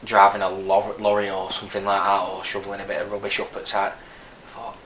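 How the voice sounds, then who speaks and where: His delivery is completely flat, brisk and a bit bright, in a lowish voice with a Lancashire accent. A man in his thirties from Burnley, northern England, he's an army veteran guest in a casual interview, frank about his story and rambling with many restarts, in an echoey room with faint noise.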